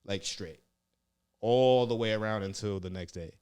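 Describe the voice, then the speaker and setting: A young man with a very low voice tells loose, profanity-laced stories in a casual podcast chat, leaning on "like" and "yeah." The sound is close and dry, with no room around it. He talks in easy, meandering bursts. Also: moderate pace, darkish tone, clear, resonant tone, no echo. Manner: rambling, profane, heavy on "like" and "yeah". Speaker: comedian and former Marine recruit, podcast guest. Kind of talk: casual storytelling interview.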